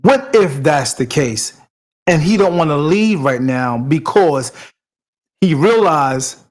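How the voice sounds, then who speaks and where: A man hosts a podcast and comments on a clip in a slow, measured delivery. His voice sits a little high. He lectures emphatically and hammers each point again and again. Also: expressive. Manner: preachy, repetitive, emphatic. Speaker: podcast host.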